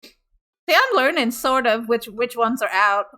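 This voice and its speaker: A woman streamer in casual chat, her voice high and bright. She giggles through her lines, swears freely and keeps a playful, teasing tone, with faint music under her. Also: expressive, unhurried.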